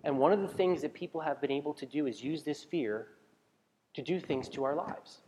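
A man's voice: a little high, brisk, darkish tone, a little hiss or hum. A man preaching a sermon as a pastor in a conversational way, asking the congregation questions and often restarting his sentences. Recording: long reverb of a large hall.

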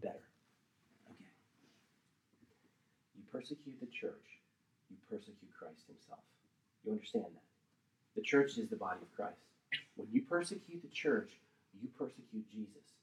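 A man preaching a sermon and teaching from the Bible, swinging between loud emphatic bursts and quiet asides and often checking in with his listeners. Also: on the low side, expressive, moderate pace, long pauses. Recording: roomy echo.

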